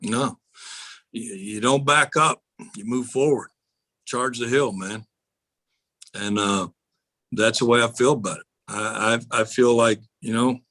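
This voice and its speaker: A man's voice: mid-range voice, pushed and bright. An older man, a retiring baseball coach as a podcast guest, talking in a blunt, folksy and fired-up way. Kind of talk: casual interview.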